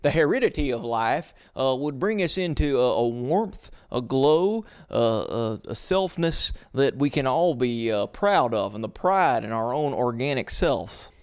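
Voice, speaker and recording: A man's voice: medium pitch, animated, measured pace, few pauses, smooth. A young man giving a mock-pompous comic rant in a grandiose, preachy way, stumbling over words now and then.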